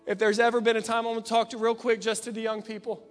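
A man preaching a fervent sermon in a church, building to shouts. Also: very high-pitched, monotone, fast. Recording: long church reverb with faint piano. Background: faint piano.

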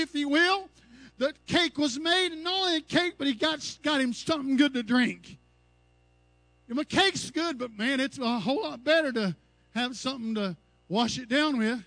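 Preacher man, real high bright voice, fired up and hollering, dry close sound. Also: normal speed, no echo. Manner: impassioned preaching, rising to cries and shouts. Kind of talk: sermon.

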